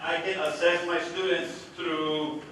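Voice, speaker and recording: A man leads a product demo in a large room, throwing his bright, forceful voice to the back rows with no microphone. The room rings with heavy echo, and he is picked up from a distance with faint hiss. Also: a little high, flat delivery, slow. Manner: projecting loudly without a mic, quizzing the audience. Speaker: education technology presenter. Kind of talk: live product demo to a committee. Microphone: no mic, room recording from afar. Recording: very echoey room audio from far off.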